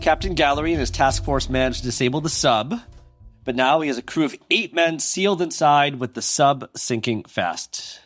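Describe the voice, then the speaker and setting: A man's voice: medium pitch, fairly bright tone. Podcast guy narrating a war story, jokes on the side, plain middle voice. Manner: joking asides while narrating. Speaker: podcast co-host. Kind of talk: casual history storytelling.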